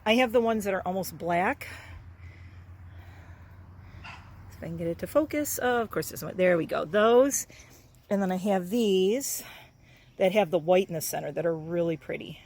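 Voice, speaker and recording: A woman's voice: fairly low pitch, lively intonation, moderate pace, pauses often, a little mellow. A woman vlogging casually from her backyard chicken coop and garden, cooing and baby-talking at her chicks between chatty explanations, recorded on a handheld camera. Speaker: homestead vlogger. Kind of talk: casual vlog tour.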